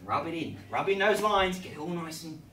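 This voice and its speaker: A man's voice: on the high side, expressive, brisk, fairly bright tone, slight background noise. An English man in a live improv comedy scene, playing a bumbling host of a children's craft show who rambles in a mock-instructive, falsely reassuring way. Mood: chirpy instructional. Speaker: improv performer. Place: small comedy venue stage. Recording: roomy distant mic, live audience laughter.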